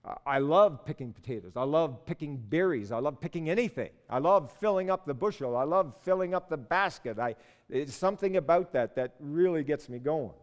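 Older preacher from Newfoundland, slightly high voice. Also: male voice, expressive, a little fast, in a large hall. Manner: earnest, storytelling, voices the Bible figures with rising force. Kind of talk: sermon.

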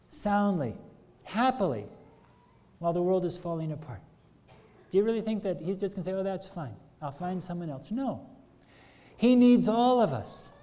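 A man's voice: high voice, warm tone. A man preaching a sermon, retelling a scripture story and putting earnest questions to his congregation. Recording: long hall reverb.

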